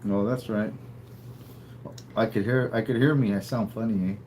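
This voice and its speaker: A man's voice: lowish voice, fairly even intonation, normal speed, darkish tone, a little hiss or hum, low-quality recording. A man co-hosting a casual livestream, rambling and laid-back, tagging sentences with "eh". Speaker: livestream co-host.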